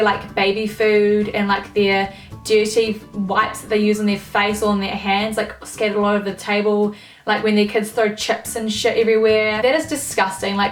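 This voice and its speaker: Young woman, exasperated swearing vlog rant, mid pitch, echoey room, mic set back. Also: far from the mic. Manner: swears a lot, filler-heavy, exasperated. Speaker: vlogger. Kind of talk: casual ranting monologue.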